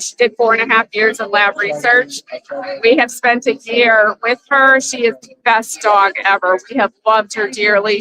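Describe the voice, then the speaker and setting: Local woman at a protest, earnest and pleading, some halting fillers. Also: a little high, rough recording. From Wisconsin, USA. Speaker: local resident speaking at a press conference. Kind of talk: impassioned public statement. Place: outdoor protest at a state capitol.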